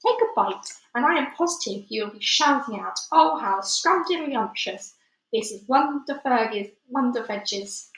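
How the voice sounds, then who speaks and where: A kind, nervous giant speaking eagerly in jumbled made-up words, as a woman voices him. The pitch rises above the narration and the room adds a roomy echo. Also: very animated, normal speed, few pauses, a bit bright. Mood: coaxing. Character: kind nervous big friendly male giant. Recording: echoey room.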